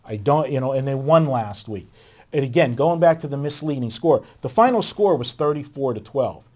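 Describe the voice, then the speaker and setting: A man's voice: mid-range voice, lively intonation, moderate pace, darkish tone. A man, a guest sports handicapper, talking through his reasoning at length in a conversational way. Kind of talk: sports betting debate.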